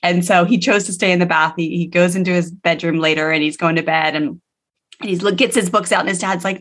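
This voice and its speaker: A woman's voice: lowish voice, fairly even intonation, quick pace. A woman co-hosting a podcast, telling a story in casual talk and acting out the quoted voices. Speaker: podcast co-host.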